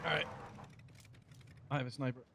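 A young man gaming with a friend, loud and sweary, laughing a lot, talking into a headset. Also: medium pitch, fairly even intonation, moderate pace, creaky, very noisy. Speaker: gamer. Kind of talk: casual gaming banter.

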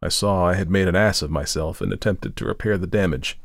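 A man reads a story aloud in a low, deep, gravelly voice, measured and dramatic. It feels like careful audiobook narration, with dry, close sound and no room echo at all.

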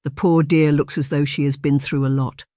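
A kindly Highland lady of the hall, as a narrator puts her on, a woman who speaks gently and with care. Read dry and close for a storybook. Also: little pitch movement, normal speed, close to an everyday voice. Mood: caring. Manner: gentle, caring.

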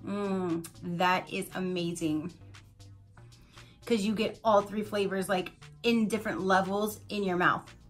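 Faint music sits behind a woman speaking slowly in a medium pitch with fairly even intonation. As an unboxing vlogger doing a casual review, she addresses viewers directly, gushing and chatting with lots of "like"s and "you guys."

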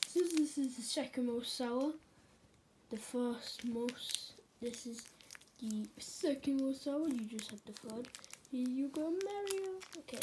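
A woman's voice: on the high side, takes it slowly, background noise. A woman hosting a playful plush toy sour challenge, announcing each contestant.

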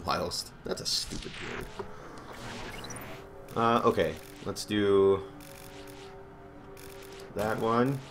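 A man's voice: lowish voice, extremely slow, long pauses, music in the background. A man giving goofy, rambling gameplay commentary and talking to himself as he plays. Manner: goofy, rambling, talks to himself while playing. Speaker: gaming channel host.

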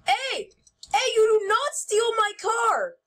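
A woman giving playful gameplay commentary as host, goofy and shouting mock-angrily at other players. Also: very high voice, very animated, slow.

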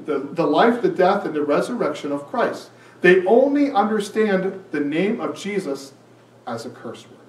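A man preaching a sermon, lively and expressive, acting out the figures he quotes. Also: high-pitched. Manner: animated preaching, acts out quoted lines. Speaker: pastor. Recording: echoey room, mic at a distance.

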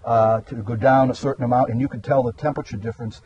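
A man's voice: medium pitch, fairly even intonation, fast, breathy edge, no room sound, muffled recording. A man, a meteorologist guest explaining things in a rambling, hesitant way. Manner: rambling, hesitant with many uhs. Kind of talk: casual explanatory chat. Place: outdoors in a garden.

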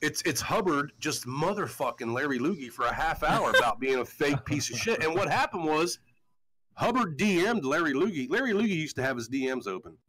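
Profane, animated male podcast host. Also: on the high side, fairly quick, slight background noise, poor audio. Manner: profane, heated, animated storytelling. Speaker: show host. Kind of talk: casual podcast rant.

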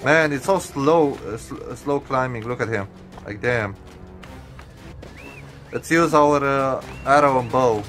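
A young man giving casual gameplay commentary, excitable and profane, stuttering and restarting, with sudden high yelps. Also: a little slow, long pauses, faint music behind.

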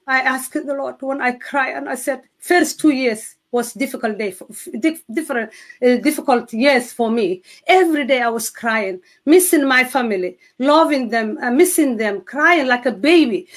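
A woman with a Somali accent earnestly telling her faith testimony, halting and restarting often. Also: sits high, expressive. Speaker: guest sharing testimony. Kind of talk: emotional personal testimony.

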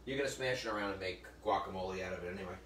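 A man's voice: sits low, very fast, fairly bright tone. Chatty male chef in a roomy kitchen. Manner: chatty, joking, addresses viewers as folks. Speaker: chef hosting a cooking demo. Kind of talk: live cooking demonstration with storytelling. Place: kitchen or library demo room. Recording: roomy, distant mic with faint noise.

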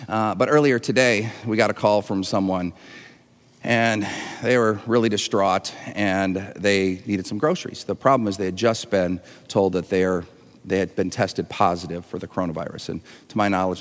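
A man's voice: deep voice, normal speed, in a large hall. A man preaching a sermon to an online audience, earnest and emotional, often restarting and repeating words. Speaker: pastor. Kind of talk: livestreamed sermon.

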